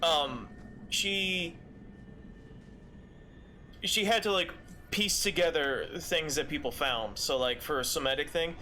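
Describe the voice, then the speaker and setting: A man's voice: fairly high pitch, slow pace, pauses often, sharp tone, slight background noise. A man streaming a game, chatting casually in a rambling way with many fillers. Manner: rambling, lots of fillers and restarts. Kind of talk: casual chat while gaming.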